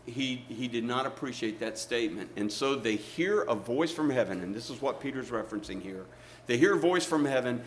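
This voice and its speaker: A man's voice: medium pitch, a little hiss or hum. A middle-aged male pastor, preaching a sermon with emphatic rises and asides to the congregation.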